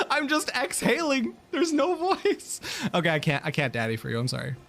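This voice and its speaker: A man streaming a video game live, reacting excitably with gasps and laughter as he comments. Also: very high voice, measured pace, vocal fry, noisy background. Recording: game music playing under the voice.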